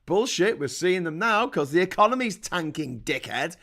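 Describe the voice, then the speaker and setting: A man's voice: sits high, big pitch swings, moderate pace, bright, forceful tone. A British man hosting a livestream, reading out chat and ranting about politics, heated, sarcastic and constantly swearing. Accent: British English. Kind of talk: casual political rant.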